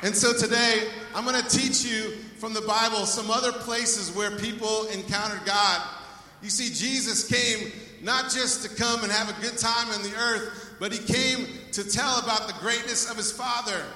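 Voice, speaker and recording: A man's voice: sits high, steady tone, moderate pace, pushed and bright, some chatter behind. A male pastor preaching a sermon in a church, speaking with energy and calling out to the congregation for praise. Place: church sanctuary. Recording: echoey hall, voice from far off.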